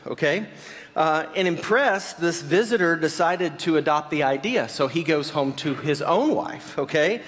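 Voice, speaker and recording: A man's voice: fairly high pitch, normal speed, a bit bright. A male pastor preaching a sermon in a church, telling stories in a conversational way with many fillers and questions to the congregation. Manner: conversational storytelling, many fillers, asks the audience. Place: church sanctuary. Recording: long reverb of a large hall.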